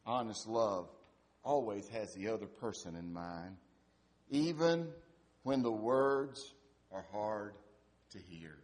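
A male pastor preaching in a conversational way, asking rhetorical questions and trailing off softly at the ends of phrases. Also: lowish voice, lively intonation, slow pace, pauses often. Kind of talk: sermon.

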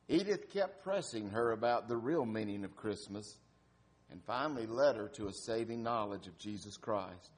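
A man preaching an Easter sermon, telling a story with dramatic swings in loudness. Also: fairly low pitch, animated, normal speed. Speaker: pastor.

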